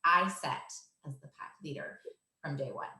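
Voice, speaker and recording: Woman, lowish voice, assured, explanatory, interview guest, roomy echo. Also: expressive, moderate pace, bright, forceful tone. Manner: assured, explanatory, laughs easily. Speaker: dog walker and trainer. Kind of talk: casual interview answers.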